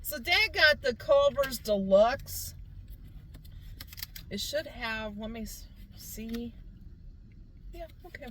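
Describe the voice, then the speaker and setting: Female vlog host, bubbly and chatty, highish voice, recorded in a car. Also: expressive, slow pace, long pauses, noisy background. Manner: chatty, upbeat, keeps calling the viewers "guys". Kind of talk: casual food review chat. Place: inside a parked car.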